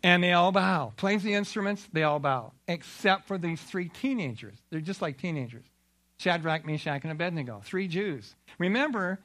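A man delivers a sermon in a high-pitched voice. His tone is bright and forceful as he retells scripture. He tells the stories in an animated way and gives the figures voices. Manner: animated storytelling with acted-out quotes. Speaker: preacher.

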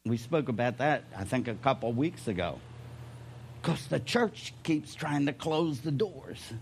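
An older man preaching a sermon in a folksy way, swinging between loud emphasis and quiet asides. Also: mid-range voice, lively intonation, a little slow, creaky, breathy edge. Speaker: pastor.

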